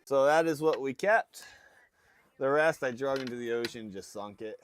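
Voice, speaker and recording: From the deck of a fishing boat, this host from Alaska tells his livestream chat an easygoing story, acting out the voices of his family. His mid-range voice moves at normal speed, with slight background noise on the phone stream.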